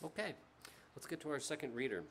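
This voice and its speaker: A man's voice: a little high, fast, vocal fry, a bit bright, slight background noise. A man hosting a literary festival, making loose, chatty announcements with frequent ums and restarts before introducing a reader. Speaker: festival host. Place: outdoor tent stage.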